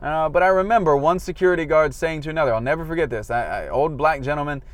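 A man's voice: on the high side, quick pace. A man talking candidly in a car stuck in traffic, looking back on his days as a street evangelist and acting out the lines he used. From Florida, US. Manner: candid, self-deprecating, acts out quoted dialogue. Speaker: former evangelist recounting his past. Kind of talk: casual reflective monologue.

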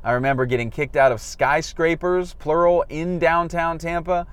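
This casual, reflective monologue comes from a Florida man in a car held up in traffic, recalling with frank self-mockery his time preaching on the streets and performing his old lines. His voice is a little high and smooth, with fairly even intonation at a normal speed and no echo.

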